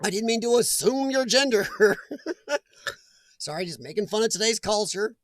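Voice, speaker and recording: Chatty high-voiced man streaming. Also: lively intonation, fast, a bit bright, no room sound. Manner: chatty, laughs often, talks back to chat. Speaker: live stream host. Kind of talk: casual live-stream chat reading comments.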